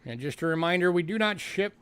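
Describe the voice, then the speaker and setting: Speaking fast with lively intonation, a New Yorker runs a coin sale livestream, chatting casually with plenty of fillers and repeated words. His voice sits high and sounds a bit bright and smooth.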